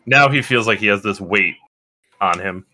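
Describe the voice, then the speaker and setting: A man's voice: lowish voice, moderate pace, bright, forceful tone. A man playing a tabletop game, chatting casually and explaining things in a laid-back way. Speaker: player.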